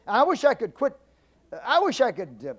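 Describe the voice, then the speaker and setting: Animated high-voiced folksy speaker. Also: male voice, moderate pace, highs cut off. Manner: animated, stammers and repeats himself for effect. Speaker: public speaker. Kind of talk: humorous storytelling speech.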